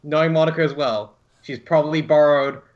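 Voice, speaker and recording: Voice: medium pitch, steady tone, a little fast, dull audio. A player in a tabletop game who laughs often and thinks aloud while describing their character. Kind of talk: casual tabletop role-play.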